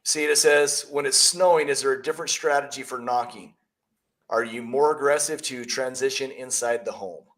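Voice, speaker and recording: A man hosting a live stream, reading viewer questions and giving upbeat, emphatic advice, now and then acting out quick quoted asides. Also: mid-range voice, a bit bright. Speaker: host, real estate trainer. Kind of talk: casual live-stream coaching.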